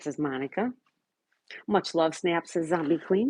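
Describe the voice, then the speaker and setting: Woman, middle-aged, live-stream host, chatty and affectionate, dry close sound, husky tone. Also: low-pitched, animated, measured pace, warm tone, no echo, rough recording. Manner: chatty, greets viewers by name, affectionate. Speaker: livestream host reading chat. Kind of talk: casual live-stream chat.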